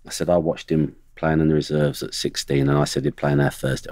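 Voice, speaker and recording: A man's voice: very deep voice, little pitch movement, quick pace, a little mellow, no echo. A middle-aged man, a former footballer, telling blunt stories about teammates on a studio podcast. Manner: blunt, anecdotal, mimics teammates. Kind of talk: podcast storytelling.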